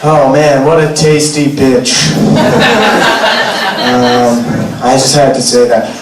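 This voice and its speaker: A man's voice: mid-range voice, fairly even intonation, slow pace, heavy background noise. A young man doing a wry, casual stand-up comedy set in a comedy club. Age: young adult. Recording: echoey club, distant mic, crowd.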